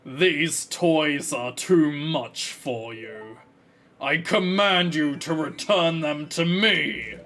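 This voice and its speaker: A man voicing a gloating male evil king villain from a video game, speaking slowly with a slight frog in his throat. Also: fairly high pitch, pushed and bright, full character voice.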